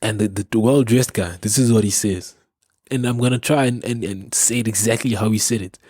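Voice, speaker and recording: Speaking a little fast in a lowish, slightly mellow voice, a young South African man hosting a podcast meanders through a casual story. He restarts many times and laughs a lot, and the recording is dry with clean studio sound.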